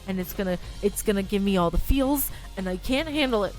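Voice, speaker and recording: Woman, let's play host, excitable reactions, mid pitch, faint game music. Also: a little fast, few pauses, rough recording. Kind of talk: gameplay commentary and reading dialogue aloud.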